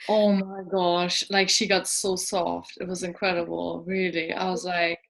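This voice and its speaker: A woman's voice: on the low side, level tone, a little slow, gravelly. A woman hosting a casual interview, effusive and open as she shares a personal experience. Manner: effusive, emotional sharing.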